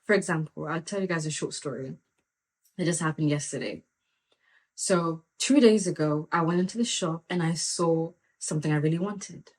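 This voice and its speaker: Chatty woman podcaster, slightly low voice. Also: moderate pace. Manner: lively and conversational, many "like" and "you know" fillers. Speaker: podcast host and faith mentor. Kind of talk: casual faith talk with storytelling.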